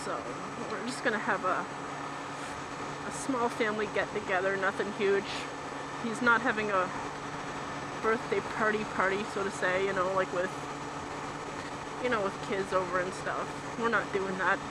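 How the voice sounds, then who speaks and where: A woman's voice: medium pitch, steady tone, normal speed, long pauses. A middle-aged woman vlogging casually while out on a bike ride, rambling and chatty, laughing easily. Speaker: vlogger riding a motorcycle. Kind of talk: casual chat while riding. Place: outdoors on a bike. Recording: loud road and wind noise.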